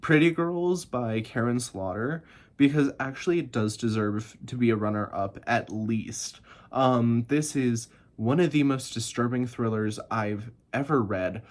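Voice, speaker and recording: A man chatting casually about books he loved, gushing and excitable, laughing and swearing a lot, and a bit tired. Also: mid-range voice. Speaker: book reviewer. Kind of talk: casual chat.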